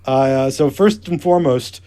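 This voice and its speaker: A man's voice: mid-range voice, normal speed, warm tone. A man co-hosting a casual podcast, starting his points hesitantly with fillers. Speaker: podcast co-host. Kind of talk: casual chat.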